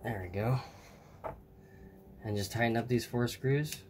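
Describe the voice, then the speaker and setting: A man's voice: medium pitch, unhurried. A tired man giving a casual hands-on tutorial at a workbench, rambling and trailing off as he talks to himself while working. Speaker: hobbyist showing a model truck build. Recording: clear steady background noise.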